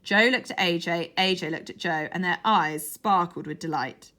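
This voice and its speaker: A woman reading a children's story aloud in an expressive, animated way. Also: fairly low pitch, moderate pace. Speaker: audiobook narrator.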